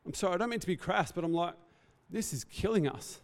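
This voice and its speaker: A man's voice: high voice, expressive, quick pace, vocal fry, big-room sound. Earnest man preaching a sermon. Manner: earnest, reflective, speaks off the cuff. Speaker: pastor.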